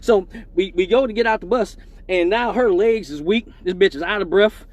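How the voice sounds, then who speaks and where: High-voiced man telling a wild story. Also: normal speed. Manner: profane, animated, acts out other people's lines. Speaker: host of a live stream show. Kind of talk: comedic storytelling.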